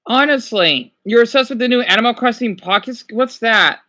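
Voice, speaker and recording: A man's voice: extremely high pitch, normal speed, few pauses, sharp tone. A man streaming casually, reading quiz questions aloud and reacting with exclamations while he talks back to his chat.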